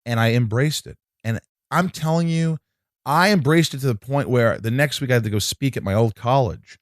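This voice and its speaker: A man's voice: medium pitch, normal speed, dry recording, studio quality. A man, an actor, telling a long story in casual chat, acting out quotes and swearing freely. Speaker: actor guest.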